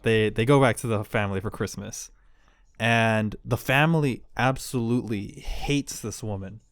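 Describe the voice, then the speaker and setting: A man's voice: mid-range voice, clear, resonant tone, no room sound, studio quality. A man co-hosting a casual podcast, rambling through a story, laughing often and acting out the quoted lines. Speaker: podcast co-host. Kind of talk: casual chat.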